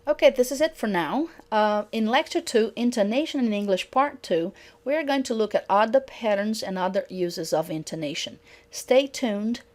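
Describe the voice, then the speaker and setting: A woman's voice: medium pitch, darkish tone. Woman lecturing on intonation. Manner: reads example sentences slowly and clearly. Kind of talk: recorded lecture on pronunciation.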